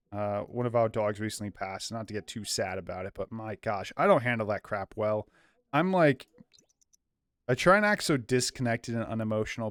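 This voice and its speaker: A man's voice: mid-range voice, no echo, studio quality. A young man giving rambling let's play commentary from a small home office, chatting to viewers and his dog. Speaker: gaming YouTuber.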